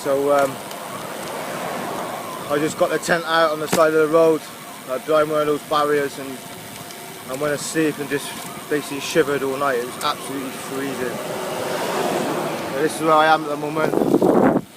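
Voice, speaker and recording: A man from England with a Gloucestershire accent talks into a camera on his bike, rambling and chatty with lots of fillers. His voice sits a little high for a man. Loud road and wind noise from outdoors runs under his speech. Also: level tone, moderate pace, long pauses. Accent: Gloucestershire English. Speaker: touring cyclist vlogger. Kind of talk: casual video diary. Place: outdoors on a roadside while cycling.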